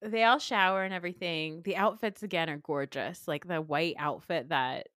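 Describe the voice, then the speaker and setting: A woman co-hosting a podcast chats casually and animatedly in a casual recap, acting out quotes and laughing often. Her voice is lowish and a bit bright, at a normal speed, in a dry, studio-quality recording.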